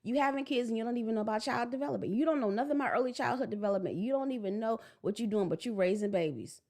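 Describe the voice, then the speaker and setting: Give me a blunt, animated woman in her forties lecturing on raising children. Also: on the high side, racing. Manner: animated, blunt, preachy, acts out voices. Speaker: parenting vlogger. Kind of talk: casual preachy monologue.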